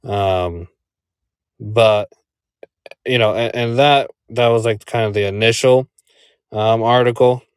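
A man's voice: mid-range voice, slow, pauses often, clean tone, no room sound, clean studio sound. A man giving casual commentary on a remote call as podcast co-host, rambling with many fillers and rhetorical "right?" checks.

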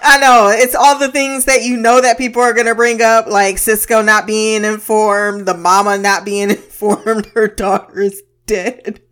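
A woman's voice: fairly high pitch, little pitch movement, measured pace, a bit bright. A woman giving a casual, blunt recap of a TV episode, swearing freely and laughing often between remarks. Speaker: TV episode reviewer.

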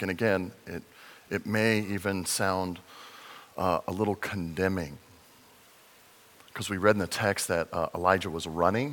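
A man preaching a sermon in a conversational way, slowing to stress points, with fillers and restarts. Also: on the low side, fairly bright tone. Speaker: pastor. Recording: long reverb in a large hall.

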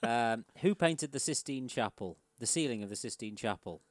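A man's voice: mid-range voice, animated, normal speed, no room sound, clean studio sound. A man co-hosting a casual podcast, reading out silly quiz answers and laughing often. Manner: laughs often, reads quiz lines with mock host and contestant voices. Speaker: podcast co-host.

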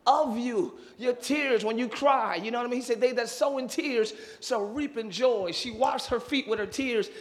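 A middle-aged man preaching a sermon in church as pastor. He moves from calm teaching to shouted, fervent preaching and breaks in with whoops and jokes for the congregation. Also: very high-pitched, moderate pace, hardly any pauses. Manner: interjects "woo" and jokes with the congregation.

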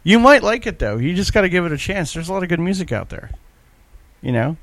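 A man's voice: sits high, big pitch swings, quick pace, a bit bright, dry recording. A man hosting a music show, talking casually and rambling with plenty of swearing. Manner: profane, griping, offhand. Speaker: radio show host.

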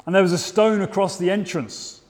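A man preaching a sermon, telling the story in a measured way and rising to loud, emphatic peaks. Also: sits high. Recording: long hall reverb.

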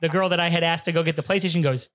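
A young man telling a story on a casual podcast, voice sitting a little high for a man. He rambles, swears freely and acts out what he said back then. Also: steady tone, very fast, background noise. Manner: rambling, swears often, acts out his own reactions. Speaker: podcast co-host and editor.

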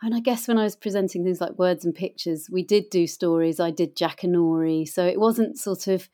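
A woman's voice: fairly low pitch, a little fast, warm tone. A middle-aged woman who voices audiobooks, telling stories in a chatty, rambling interview style with many fillers. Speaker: guest, voice actor and audiobook reader. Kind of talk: casual interview chat.

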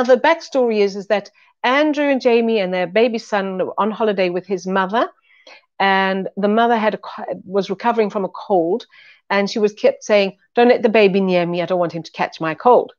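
The recording is muffled, carrying a woman's medium-pitched voice as she delivers a weekly Bible teaching. She talks earnestly and conversationally, using retold stories to make her point.

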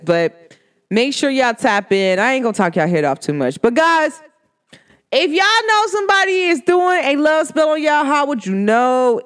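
Outspoken woman doing spiritual readings on a podcast, animated, voice jumping all over. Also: mid-range voice. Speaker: spiritual reader and candle maker. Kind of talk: casual podcast monologue.

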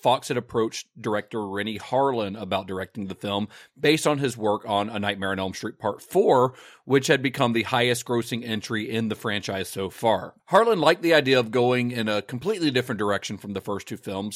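A man's voice: on the low side, no echo, clean studio sound. A man hosting a casual film podcast, chatting and recounting production history. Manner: relaxed, recounts film history, chuckles often. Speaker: podcast host.

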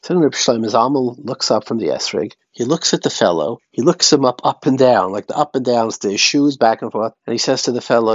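A man's voice: medium pitch, animated, fairly quick, hardly any pauses, dry recording. Man giving a Torah talk with stories. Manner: storytelling, mixes Yiddish and Hebrew terms. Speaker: rabbi. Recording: dry, slightly muffled recording.

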